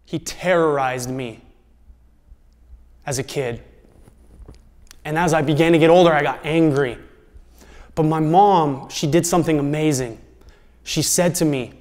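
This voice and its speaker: An earnest man delivers a motivational talk to camera in a slightly high voice. He speaks slowly and deliberately, letting phrases fall away softly. A long reverb trails behind his words. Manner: earnest, slow and deliberate, dropping to a soft voice at the ends of phrases. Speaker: host.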